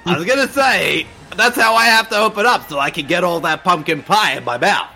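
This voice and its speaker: A man chatting through a film with friends, joking and rambling with a giggle close behind. His voice is bright and forward, a little high, and it swings up and down freely as he riffs. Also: animated, fairly quick, gravelly, soft background music. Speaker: co-host. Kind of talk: casual movie commentary chat.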